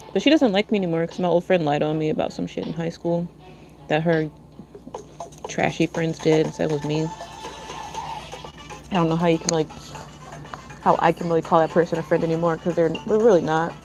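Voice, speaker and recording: A woman's voice: fairly low pitch, steady tone, brisk, pauses often, music in the background, rough recording. A woman hosting a casual livestream watch party, giving blunt, opinionated commentary while snacking. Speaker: livestream host.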